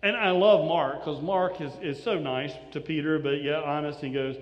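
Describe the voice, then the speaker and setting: A man with a high, light voice preaches a sermon, retelling the story in an easy, conversational way. He slips into the voices of the people he describes. His words ring out with the long echo of a large hall. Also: steady tone, moderate pace, dull audio, faint music behind. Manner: conversational storytelling, acts out quoted lines. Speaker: pastor. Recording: echoey hall.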